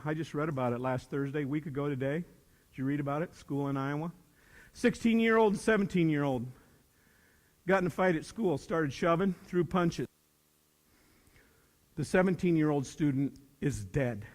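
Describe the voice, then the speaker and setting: High-voiced older man in an echoing hall. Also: animated, normal speed. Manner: folksy and plainspoken, swings from loud to hushed. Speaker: motivational speaker to high school students; retired school teacher. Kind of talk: motivational speech to students. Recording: long reverb of a large hall.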